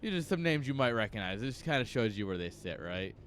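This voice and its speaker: A man's voice: medium pitch, very animated, fairly quick, a bit bright, slight background noise. Rambling, cursing male stream caster. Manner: loose, rambling and profane, laughs between thoughts. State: tipsy. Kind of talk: casual livestream chat. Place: at home.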